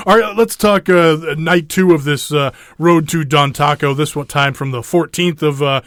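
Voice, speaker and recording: Man, podcast co-host, casual rambling, higher pitch, dry close sound. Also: moderate pace, a bit bright, no echo. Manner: rambling, many restarts and fillers, laughs often.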